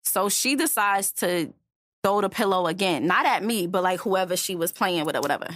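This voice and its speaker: A young woman co-hosting a podcast, telling a story in animated, swearing casual chat. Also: lowish voice, moderate pace, no room sound, clean studio sound. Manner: animated, swearing, frequent restarts. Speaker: podcast co-host.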